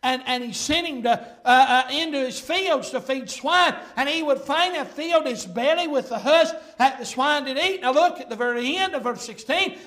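A middle-aged man preaching a sermon, telling folksy stories and building to fervent, shouted points. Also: very high voice, normal speed, hardly any pauses. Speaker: pastor.

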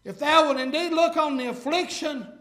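A man preaching a sermon and reading scripture aloud, impassioned and swelling to shouts, with frequent "uh" fillers. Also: extremely high pitch, normal speed. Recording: echoey room.

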